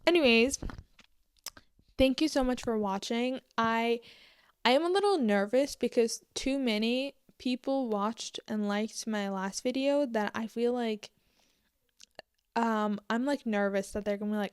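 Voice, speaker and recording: Young woman vlogger, higher voice, smooth and clear, dry close sound, rambling jokey chat. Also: a little slow, no room sound. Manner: rambling, joking, lots of "like" and "um"; mock-panicked outbursts. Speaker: booktok vlogger. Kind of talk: casual chat to camera.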